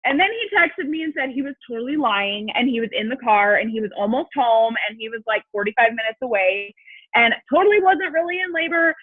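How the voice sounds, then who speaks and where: A young woman tells a personal story to her team in a chatty, long-winded way. Her voice sits a little high. It comes through a dry, tinny phone line. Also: lively intonation, a little fast, no room sound. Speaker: team coach on a call. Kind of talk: casual storytelling on a team call. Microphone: phone call.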